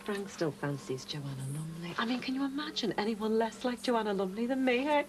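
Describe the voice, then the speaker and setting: Actress as a chatty Northern English mum, bright and lively. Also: female voice, fairly high pitch, a little fast, a little hiss or hum, lightly acted. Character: chatty, caring mother visiting a friend.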